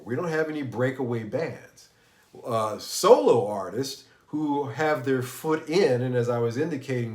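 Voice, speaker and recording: A man's voice: mid-range voice, a little mellow, echoey room. A man hosting a casual live stream about music, rambling with many restarts, sounding unwell and tired. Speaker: livestream host.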